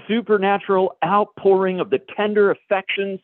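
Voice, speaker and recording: A pastor telling a personal story in a sermon, a lively storyteller who acts out the dialogue. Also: male voice, sits high, normal speed, no echo. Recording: dry, phone-like radio broadcast.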